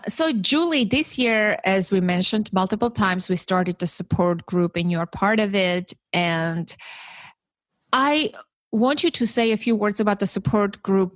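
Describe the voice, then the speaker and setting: A woman podcast host telling stories in a casual, animated way, acting out the voices she quotes. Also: dry recording. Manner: animated, acts out quoted voices with big pitch jumps. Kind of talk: casual conversational storytelling.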